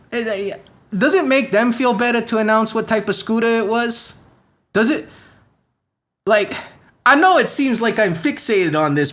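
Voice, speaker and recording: In a comedy podcast rant, a man plays Spider-Man as a brash, profane young superhero who rambles and fires off rhetorical questions. His put-on accent keeps slipping, and his high, slightly bright voice sounds pushed up.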